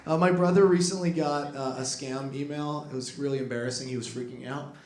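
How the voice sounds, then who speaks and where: A man's voice: mid-range voice, fairly even intonation, fairly quick, darkish tone, slight background noise. A young man doing a stand-up set in a comedy club, rambling and self-deprecating with lots of fillers. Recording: roomy club with crowd laughter.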